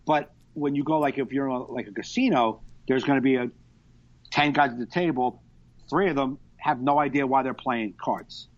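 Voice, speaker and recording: A man chatting on a podcast over a video call, telling stories in an animated, profane way. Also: mid-range voice, normal speed. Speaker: podcast co-host. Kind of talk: casual podcast chat. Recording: dull lo-fi internet call.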